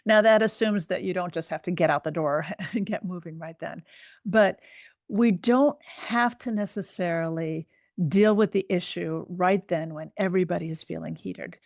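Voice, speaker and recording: A woman's voice: fairly low pitch, moderate pace, vocal fry, a little mellow, no echo, clean studio sound. A woman psychologist answering a parent's question, chatty and laughing, acting out what parents might say. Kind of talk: advice Q&A.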